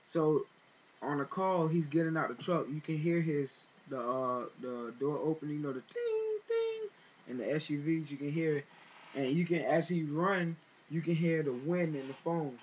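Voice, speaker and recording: A man's voice: a little high, sing-song, normal speed, lo-fi sound, slight background noise. A man retelling events in casual spoken commentary, rambling with fillers and restarts and growing indignant as he talks. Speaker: vlogger.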